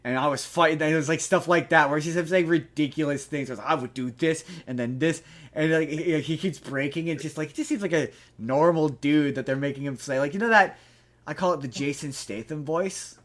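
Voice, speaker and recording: A man hosting a podcast, chatting casually about a movie in a rambling, animated way with lots of restarts and swearing. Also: on the high side, fairly quick. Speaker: podcast host. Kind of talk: casual movie review chat.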